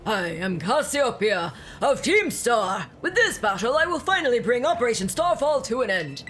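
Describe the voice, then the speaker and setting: A woman's voice: fairly high pitch, very animated, normal speed, a bit bright, faint music behind. A woman voicing a theatrical male academy director who turns out to be the villain, reading game dialogue aloud in a hammy, grandiose way.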